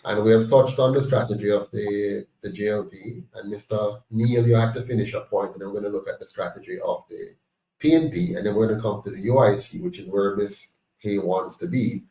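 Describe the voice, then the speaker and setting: A man's voice: lowish voice, steady tone, a little fast, warm tone. Indignant Jamaican man, far and roomy. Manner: emphatic, rising to exclaim in indignation. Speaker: host of a political discussion meeting. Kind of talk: passionate political talk.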